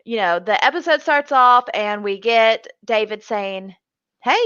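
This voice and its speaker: A woman's voice: a little high, measured pace, a bit bright, smooth, dry recording. A woman co-hosting a casual chat show, chatty, who laughs often and acts out what others said. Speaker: co-host. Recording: dull lo-fi sound.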